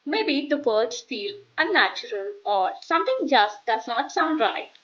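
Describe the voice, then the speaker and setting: A woman teaching English pronunciation in a scripted lesson, modelling words clearly for the listener to repeat. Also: on the high side, lively intonation, a little slow, a bit bright, muffled recording.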